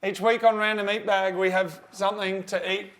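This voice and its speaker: Upbeat Australian man host, high voice. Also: little pitch movement, normal speed, music in the background. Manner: enthusiastic, repeats praise. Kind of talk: casual chat.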